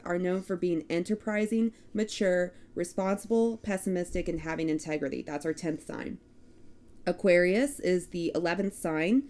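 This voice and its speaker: A woman with a Texan accent, co-hosting a casual chat and reading through lists of traits in a steady cadence. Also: medium pitch. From Texas. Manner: reads list of traits in a steady cadence, laughs at herself. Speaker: podcast co-host.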